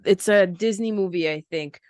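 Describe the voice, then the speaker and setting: A woman's voice: medium pitch, moderate pace, a little mellow, dry recording, clean studio sound. A woman joining a casual podcast chat, making laid-back joking asides.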